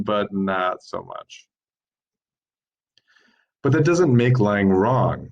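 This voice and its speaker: A man in his thirties giving an informal lecture at a workshop, explaining points steadily and listing them one by one as he reads from slides. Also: mid-range voice. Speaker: workshop presenter.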